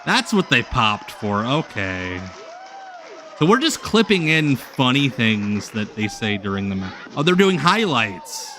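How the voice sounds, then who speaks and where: A man's voice: medium pitch, very animated, unhurried, sharp tone, a faint crowd, slight background noise. A man hosting a live watch-along show, talking casually with sarcastic, profane jokes and frequent laughs. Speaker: host.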